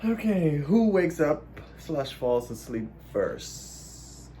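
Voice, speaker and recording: A man's voice: a little high, big pitch swings, drawn-out words, warm tone, a little hiss or hum. A young Bahamian man co-hosting a couples Q&A, making joking asides. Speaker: YouTube couple co-host. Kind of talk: casual couples Q&A chat.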